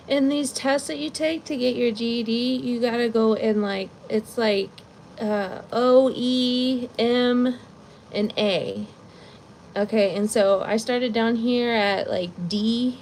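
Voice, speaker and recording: A woman's voice: on the high side, a little slow, a little mellow, a little hiss or hum. A woman hosting a casual live chat, rambling and chatty, with lots of fillers, talking to her viewers. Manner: talks to her viewers as "guys". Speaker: live-stream host.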